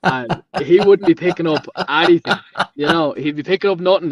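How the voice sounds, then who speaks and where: A man's voice: a little high, brisk, a little hiss or hum. A man in his late twenties with a Dublin Irish accent, a podcast guest telling rambling stories and acting out the things people said. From Ireland. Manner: rambling storyteller who acts out quoted dialogue. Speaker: podcast guest, painter and decorator. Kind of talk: casual chat. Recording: dull lo-fi sound.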